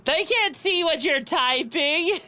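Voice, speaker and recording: High-pitched and unhurried, a young woman hosts a relaxed VTuber live stream. Lively and giggly, she responds to what her viewers type in chat.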